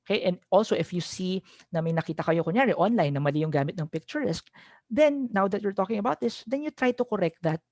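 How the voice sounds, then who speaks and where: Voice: medium pitch, lively intonation, quick pace, a little mellow, dry recording. A teacher trainer with a Filipino accent giving an online lecture, explaining patiently, switching between English and Tagalog, and checking in with "okay?".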